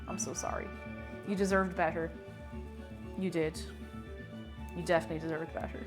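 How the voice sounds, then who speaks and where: A woman's voice: sits low, big pitch swings, moderate pace, vocal fry, over music. A woman streamer in casual live-stream chat, greeting viewers by name and playfully repeating phrases while she works in her home kitchen.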